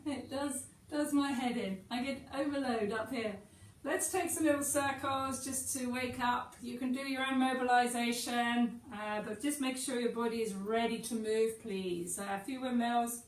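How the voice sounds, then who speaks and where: Female yoga teacher, calm and chatty, encouraging; distant mic in an echoey room. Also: fairly high pitch, normal speed, hardly any pauses. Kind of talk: guided yoga class.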